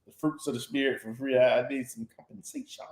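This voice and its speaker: A man's voice: animated, fast talker, a little mellow. Dry-humored man in a roomy echo. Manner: dry, low-key joking. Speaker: co-host of a live stream. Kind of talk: casual chat.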